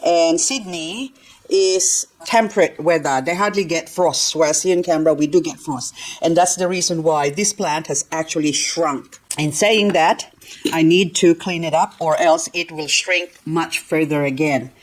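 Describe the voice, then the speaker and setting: A woman's voice: deep voice, unhurried, low-quality recording. An older woman, chatting nonstop and giggling as she cleans up her plants for a gardening vlog. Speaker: gardening vlogger. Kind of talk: casual chat while working.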